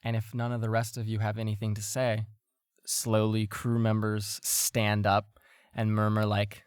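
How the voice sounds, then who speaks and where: A man narrating as game master of a tabletop role-playing game, relaxed with many fillers. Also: lowish voice, a little slow, clear, resonant tone, dry recording, clean studio sound.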